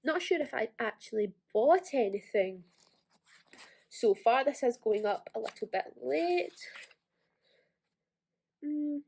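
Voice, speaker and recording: A young woman with an Ayrshire Scottish accent, talking quickly and chattily through a casual planner walkthrough. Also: a little high, expressive, gravelly, darkish tone. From Scotland. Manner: fast, chatty, self-deprecating. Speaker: planner vlogger.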